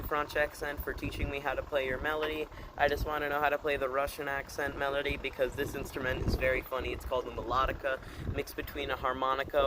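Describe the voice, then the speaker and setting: A man chatting casually to his channel, rambling and hesitant, full of fillers and deadpan puns. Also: medium pitch, background noise. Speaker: channel host. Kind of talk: casual vlog chat.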